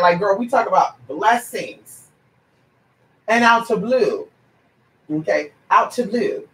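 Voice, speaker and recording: A woman's voice: mid-range voice, slow, pauses often, slight background noise. A trans woman who gives paid readings, talking straight to her viewers in a blunt, sassy rant full of swearing, switching into mimicry of other people as she tells her stories. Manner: animated, mimics other people mid-story. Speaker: paid psychic reader. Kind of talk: casual vlog rant to viewers. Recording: roomy echo, distant from mic.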